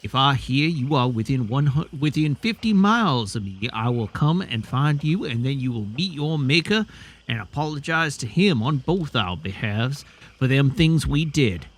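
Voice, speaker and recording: A man voicing a stern reformed outlaw turned family man, reading a letter aloud in a low, menacing drawl. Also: animated, moderate pace, slightly rough. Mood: stern, threatening.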